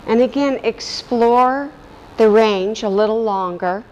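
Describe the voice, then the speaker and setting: Slow, calm woman guiding a vocal meditation. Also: fairly high pitch, long reverb tail, dull audio. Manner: slow, calm, gently instructive. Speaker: voice and breath teacher.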